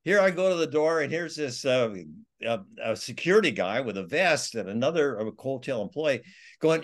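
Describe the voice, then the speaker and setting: Man, author guest, rambling anecdote, stumbling restarts, chuckling, mid-pitched voice. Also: animated. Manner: halting, many restarts and laughs, acts out quotes. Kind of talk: casual storytelling interview.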